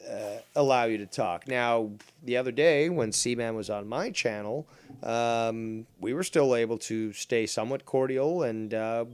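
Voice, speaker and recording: A man hosting a podcast, ranting loudly and with lots of swearing, sometimes mocking other people's voices. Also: mid-range voice, clean tone, no echo. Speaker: podcast host. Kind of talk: heated casual chat.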